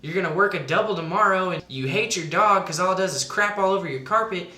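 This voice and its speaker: A woman's voice: on the low side, quick pace, bright, forceful tone, echoey room. A woman narrating satirical mock dating advice in a sarcastic, mock-authoritative tone.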